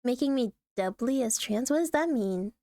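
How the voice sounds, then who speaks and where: Her fairly high voice has lively intonation and a dark tone at normal speed as she reacts to online posts on a live stream. Swearing, frequent throat-clearing, and laughter run through the casual chat, recorded close and dry with no echo.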